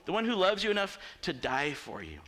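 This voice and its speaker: Animated, bright-voiced male preacher. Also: high voice, brisk. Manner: animated, conversational, acts out quoted people. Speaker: pastor. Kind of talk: sermon.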